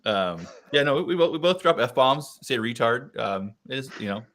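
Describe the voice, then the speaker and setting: A man's voice: mid-range voice, lively intonation, normal speed, a bit bright. A man hosting a casual livestream book chat, laid-back and self-deprecating, laughing often. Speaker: podcast host.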